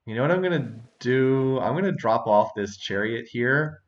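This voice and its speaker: A man's voice: mid-range voice, lively intonation, normal speed, lo-fi sound. A man hosting a strategy game session, chatting casually, thinking aloud and laughing often. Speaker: let's-play host. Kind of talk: casual gameplay commentary.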